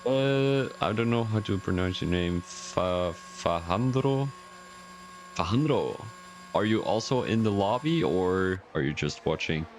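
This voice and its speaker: A man's voice: on the low side, expressive, moderate pace, a little hiss or hum. A man giving rambling, chatty live-stream commentary on a sim racing league, talking to his viewers and joking about himself. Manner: rambling and chatty, talks to the chat, jokes at himself.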